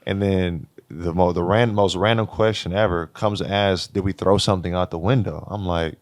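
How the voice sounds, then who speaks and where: A man's voice: sits low, fairly even intonation, normal speed, dry recording. A young man, a college basketball player, telling a story in casual podcast chat, repeating words and acting out quotes. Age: young adult.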